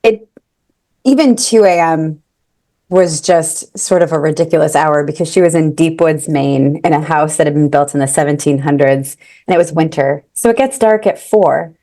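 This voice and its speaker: A woman's voice: deep voice, normal speed, warm tone. Brief: woman storyteller, casual, wandering asides. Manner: chatty, digressive. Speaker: author and storyteller. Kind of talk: improvised storytelling.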